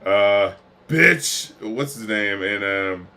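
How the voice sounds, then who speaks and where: A man's voice: on the low side, expressive, drawn-out words, sharp tone. A man streaming a music reaction, retelling a video in a loose, profane, laughing way. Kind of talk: casual reaction commentary.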